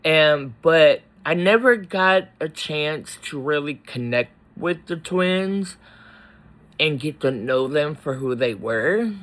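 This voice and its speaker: A man talking in a personal vlog, halting and choked up, pausing often between words. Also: a little high, animated, a bit bright, rough recording. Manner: slow, halting, with many pauses and fillers. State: tearful, choked up. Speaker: faith vlogger.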